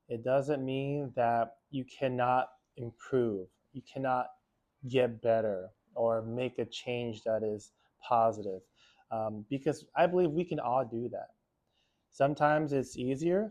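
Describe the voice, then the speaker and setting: A man working as a therapist, talking casually and reflectively to the camera in an unhurried way, with frequent fillers. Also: mid-range voice, darkish tone.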